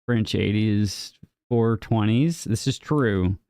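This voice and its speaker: A man's voice: lowish voice, slow pace, a little mellow, no echo, clean studio sound. A young man live-streaming a game, chatting casually with his viewers and teasing them in a playful, mock-indignant way, his voice jumping up on questions. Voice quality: gravelly. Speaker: livestreamer. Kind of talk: casual live-stream chat, reading and answering chat.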